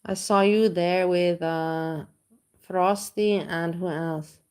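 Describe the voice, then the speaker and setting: Woman streamer, lower voice, blunt and crude, chats to her viewers by name. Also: steady tone, takes it slowly, a little mellow, smooth. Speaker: livestream host reacting to videos. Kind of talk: casual livestream chat.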